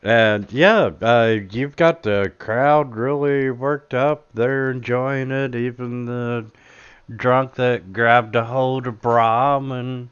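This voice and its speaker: Slow, halting game master, man. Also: mid-range voice, fairly even intonation, clean tone, lo-fi sound. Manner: halting, lots of fillers. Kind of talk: narrating a tabletop game.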